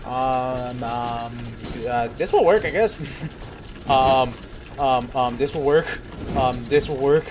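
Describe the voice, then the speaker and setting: A man's voice: medium pitch, slow pace, background noise. A young man talking to himself while playing a game, rambling, giggling and swearing. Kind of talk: let's play commentary.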